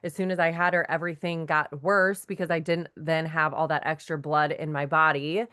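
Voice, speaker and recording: A woman's voice: deep voice, flat delivery, normal speed, pushed and bright, clean tone. A woman, telling her personal testimony at a faith meeting and acting out the lines of the people in her story. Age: 30s. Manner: talkative storyteller, acts out quoted lines. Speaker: guest sharing her testimony.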